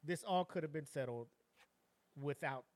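A man's voice: on the high side, a little slow, a little mellow. A man co-hosting a podcast in casual chat, laid-back and slangy, giving his take after his partner's story. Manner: laid-back, slangy, reacts with short interjections. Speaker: podcast co-host.

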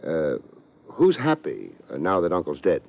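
A man's voice: extremely low pitch, huge pitch swings, measured pace, creaky, full character voice. An actor playing a wry, hard-boiled male private detective who narrates and trades dry wisecracks, in 1950s radio drama style. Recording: dull lo-fi old radio recording.

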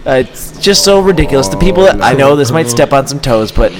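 A man's voice: medium pitch, expressive, fairly quick, over music. A man co-hosting a podcast, telling a rambling, filler-heavy story in casual chat. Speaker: podcast co-host.

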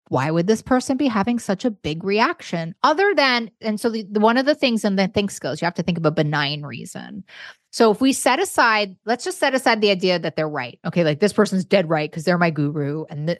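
A woman's voice: lowish voice, no echo, studio quality. A woman therapist as a podcast guest, talking casually with blunt, irreverent straight talk.

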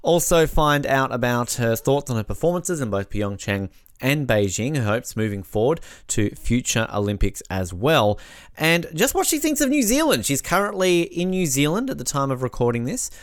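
An Australian man hosts a podcast interview with an upbeat, talkative energy. His voice sits at a middle pitch. The sound is dry and close, with no room echo. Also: sing-song, normal speed, clean tone. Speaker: podcast host.

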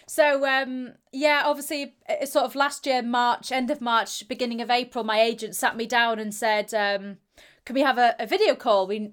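A young woman, an athlete being interviewed, speaking candidly and acting out the voices of people she quotes. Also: fairly high pitch. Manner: animated, acts out quoted voices, laughs readily. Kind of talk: candid conversational storytelling.

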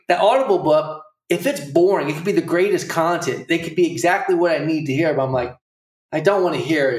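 Man asking questions from a roomy distance. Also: on the high side. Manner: rambling, self-interrupting questions. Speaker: podcast host. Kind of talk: conversational interview.

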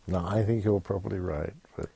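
A man's voice: sits low, steady tone, a little fast, vocal fry, dark tone, husky. A man interviewing a guest in a chatty, agreeable way. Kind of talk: conversational interview.

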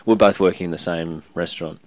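Low-voiced easygoing man, dry mic. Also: fairly even intonation, fast talker, no room sound. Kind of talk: casual podcast chat.

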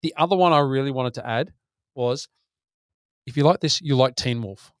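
A man co-hosting a casual movie podcast, relaxed as he runs through plot summaries. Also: mid-range voice, moderate pace, clean tone, no echo, clean studio sound. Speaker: podcast co-host.

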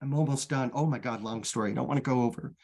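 A man candidly telling his personal recovery story as a guest, halting and restarting often, earnest and open. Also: mid-range voice, darkish tone, breathy edge.

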